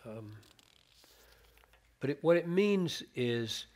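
A middle-aged man with a fairly high voice preaches slowly, teaching scripture earnestly and with animation. He quotes verses, shifting his emphasis as he goes.

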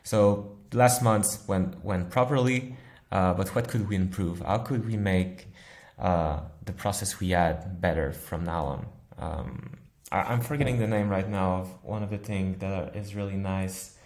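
Man, low voice, software engineer, thoughtful, laughs easily, casual interview. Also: fairly even intonation, unhurried.

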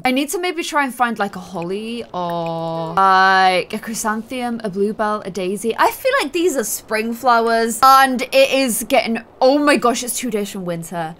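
A young woman from the United Kingdom chatting casually through a life-simulation game, bubbly and thinking aloud, with excited squeals. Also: on the high side. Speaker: gaming video host. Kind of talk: casual let's-play commentary.

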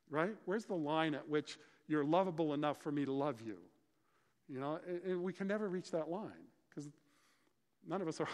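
A man preaching a sermon, explaining scripture and telling stories with lively, acted-out dialogue. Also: a little high. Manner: animated storytelling, acts out dialogue. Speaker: pastor. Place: church sanctuary. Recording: church hall reverb.

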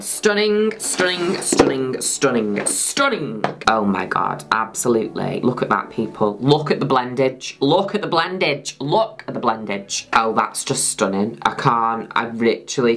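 Very deep-voiced campy woman. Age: 20s. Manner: camp, theatrical, gushing exclamations to viewers. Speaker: makeup vlogger. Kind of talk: makeup tutorial chat.

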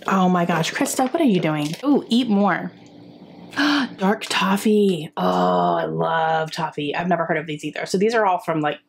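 Woman vlogger, young adult, lower pitch, chatty and excited, faint hiss behind. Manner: excited and chatty, gasping and laughing often. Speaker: book vlogger. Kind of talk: casual unboxing chat.

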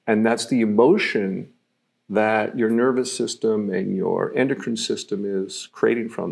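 Gravelly-voiced man teaching self-mastery. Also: lowish voice, a little mellow. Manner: reflective, explains through everyday examples with frequent fillers. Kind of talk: live-streamed teaching talk.

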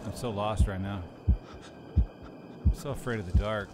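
A streamer plays a horror game and talks casually to himself, joking and swearing as he goes. His voice sits fairly low, with a steady tone and a moderate pace. Loud horror game sounds play behind him.

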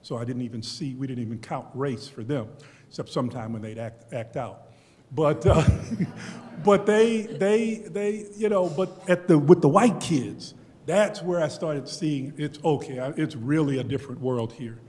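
An older man from Texas recalls his upbringing and student days on a panel, speaking in a slightly high voice. His talk is reflective and conversational, with frequent restarts. The sound carries a long reverb from a large hall. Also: moderate pace, warm tone, slight background noise. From Beaumont, Texas, US. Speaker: professor on a history panel. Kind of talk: personal storytelling at a panel.

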